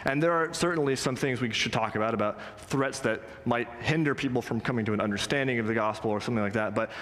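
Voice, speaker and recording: A male pastor delivers an earnest, emphatic sermon in a mid-pitched voice. He slows down and leans into the lines he quotes. His voice rings out with the long reverb of a church sanctuary. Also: a bit bright. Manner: emphatic, earnest preaching with slow stressed quotes.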